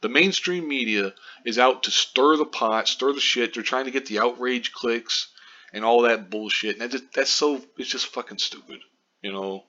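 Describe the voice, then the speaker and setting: A man rants in a commentary vlog, his voice bright and forceful, swearing often and wandering off into asides. The recording sounds muffled and lo-fi. He stays irritated and talks straight at his viewers. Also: mid-range voice, moderate pace. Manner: exasperated, profane, rambling. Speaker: video commentator.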